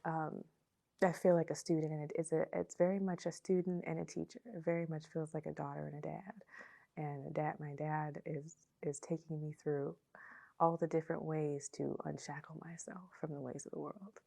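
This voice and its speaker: A young woman telling her personal faith testimony, emotional and halting, often repeating herself and trailing off. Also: deep voice, level tone, gravelly, dark tone. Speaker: testimony speaker.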